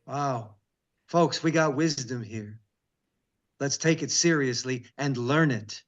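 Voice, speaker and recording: A man speaking as a rabbi in a devotional interview, reading verses in a slow, emphatic way and then breaking off with quick, earnest asides. His voice sits in an ordinary middle pitch. The audio is slightly muffled and dull. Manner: reads scripture slowly and emphatically, breaks off with asides.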